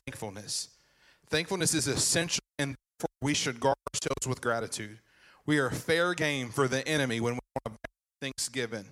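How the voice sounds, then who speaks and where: A pastor from Virginia delivers a sermon at a quick clip, his voice at a middle pitch for a man. He's animated, poses questions to the congregation, and tosses in playful asides. The audio quality is poor.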